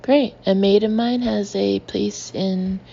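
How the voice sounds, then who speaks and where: A flirtatious British man who teases dryly, as a woman narrator reads him, in an unhurried, gravelly, mellow voice. The recording is a little dull, with a faint hiss behind it. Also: high-pitched, steady tone, exaggerated voice. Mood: teasing. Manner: dry, teasing banter.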